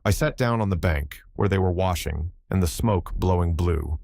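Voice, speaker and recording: Deep-voiced male audiobook narrator. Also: moderate pace, gravelly, few pauses, a little mellow, no room sound, studio quality. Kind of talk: scripted literary narration.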